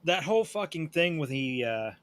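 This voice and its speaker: A man's voice: a little high, very animated, moderate pace. A man co-hosting a horror movie podcast, laid-back, with the hiccups, reading out film credits. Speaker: podcast co-host. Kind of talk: casual podcast chat and reading show notes.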